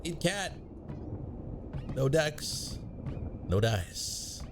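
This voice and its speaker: A man's voice: mid-range voice, big pitch swings, unhurried, over music. A man casually playing a video game, reading its text aloud and joking with his chat. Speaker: game streamer. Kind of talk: casual let's-play commentary.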